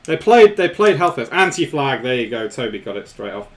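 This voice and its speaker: A man's voice: medium pitch, sing-song, brisk. A man hosting a live stream, chatting casually with viewers, laughing often and repeating himself.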